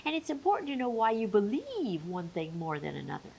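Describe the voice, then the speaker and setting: A woman educator giving an emphatic, clear talk on menopause with playful asides. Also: mid-range voice, wildly swooping pitch, a little fast, a little mellow, a little hiss or hum, rough recording.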